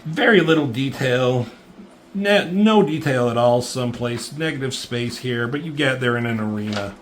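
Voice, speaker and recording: A man casually recaps a comic book page by page, swearing freely, piling on fillers and getting worked up over the fight scenes in an excitable play-by-play. His mid-range voice moves at a moderate pace, with a little hiss or hum.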